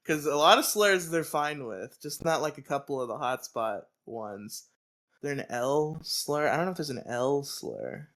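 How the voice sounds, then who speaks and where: A man co-hosting a podcast in casual chat, riffing in a rambling, profane, animated way. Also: on the high side, moderate pace. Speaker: podcast co-host.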